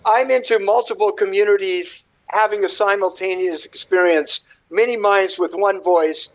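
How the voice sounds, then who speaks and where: A man, a guest artist on a radio interview, telling his story in a rambling, animated way and acting out what people said. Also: high voice, normal speed, rough recording.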